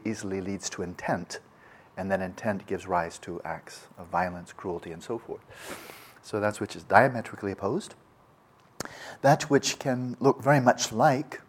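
A man teaching meditation in a reflective talk. He speaks thoughtfully and often restarts his sentences. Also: fairly low pitch. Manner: acts out quoted voices.

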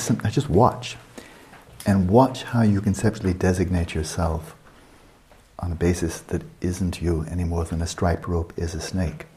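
Male meditation teacher, deep-ish voice, mellow tone, slow questioning guidance, frequent check-ins. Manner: unhurried, questioning, checks in often.

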